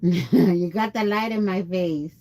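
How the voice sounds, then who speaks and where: A woman's voice: fairly low pitch, takes it slowly, mellow. A tired woman livestreamer chatting casually and rambling, greeting her viewers by name. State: tired after a long day.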